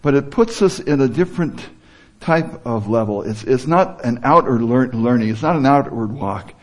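A man's voice: mid-range voice, animated, normal speed. A man giving an informal sermon, talking conversationally and stopping to rephrase as he quotes scripture. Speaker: preacher.

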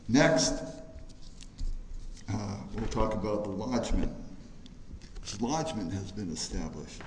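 A man preaching a sermon in a church hall, emphatic, swelling loud on key phrases and then dropping quiet. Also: fairly low pitch, animated, takes it slowly, long pauses, slight background noise.

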